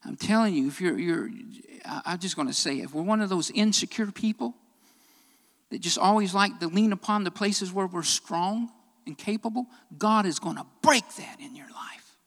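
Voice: medium pitch, moderate pace. A preacher delivering an emphatic sermon, repeating key phrases and building to raised, fervent passages. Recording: long hall reverb.

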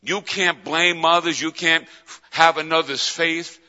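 A man preaching a sermon to students, impassioned and repetitive, moving between hushed passages and loud cries. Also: a little high, steady tone, measured pace. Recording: dull sound with long reverb in a large hall.

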